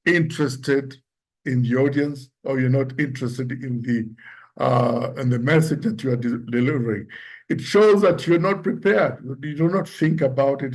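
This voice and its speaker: A man giving an instructive talk on public speaking, explaining points deliberately and acting out example lines to show tone. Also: darkish tone. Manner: deliberate, demonstrates pitch and tone examples aloud.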